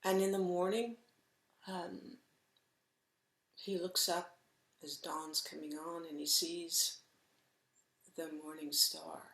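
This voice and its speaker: A middle-aged woman gives a Zen dharma talk at an unhurried pace, her lowish voice carrying a gravelly edge. She speaks gently and reflectively, with soft pauses. The room around her is echoey. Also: steady tone. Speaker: Zen teacher.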